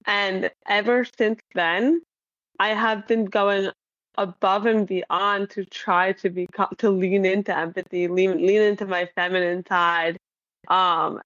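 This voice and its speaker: A woman's voice: mid-range voice, fairly bright tone, no room sound. Candid laughing woman, dull lo-fi mic. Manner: candid, self-deprecating, laughs often, many fillers. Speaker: podcast guest. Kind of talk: casual conversation.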